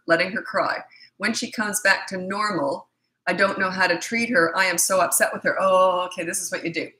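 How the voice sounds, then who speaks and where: A woman's voice: on the low side, brisk, sharp tone. A middle-aged woman parenting coach answering viewer questions in a live Q&A, blunt, confident and emphatic. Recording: echoey room.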